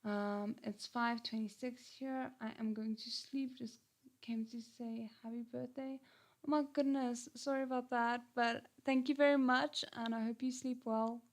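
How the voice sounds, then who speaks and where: A woman from Africa, chatting casually on a livestream, hesitant with many ums, her voice a little gruff. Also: fairly high pitch, steady tone, measured pace. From South Africa. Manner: hesitant, many ums and restarts, thanks viewers. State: slightly gruff voice. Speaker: channel host on a livestream. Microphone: headphones and desk mic.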